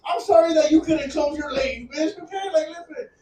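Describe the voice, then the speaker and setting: Breathless high-voiced man doing stand-up. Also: brisk, warm tone, echoey room, recorded from a distance, poor audio. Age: 30s. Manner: crude, rambling, laughing at his own jokes. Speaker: stand-up comic. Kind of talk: stand-up comedy set. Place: comedy club stage.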